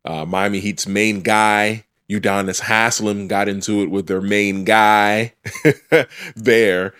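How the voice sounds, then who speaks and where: A man's voice: on the low side, fairly even intonation, takes it slowly, fairly bright tone, smooth. A man hosting a sports podcast, arguing his picks in an opinionated, teasing way. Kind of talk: casual sports debate.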